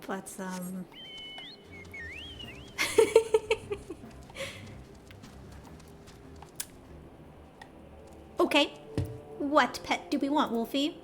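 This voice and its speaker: A woman's voice: fairly high pitch, wildly swooping pitch, drawn-out words, pauses often, noisy background. A woman streamer chatting casually while she plays, in a scattered way, often talking straight to her viewers. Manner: chatty, scattered, talks to chat. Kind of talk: casual gameplay chat.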